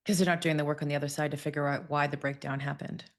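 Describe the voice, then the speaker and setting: A woman in her forties speaks in a notably low voice as a podcast guest. She tells a candid personal story, acting out quotes as she goes. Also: flat delivery, rapid-fire.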